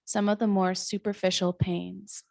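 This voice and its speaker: A woman reading out an audience question to a lecturer in a measured, soft-spoken way. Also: mid-range voice, little pitch movement, vocal fry, dry recording.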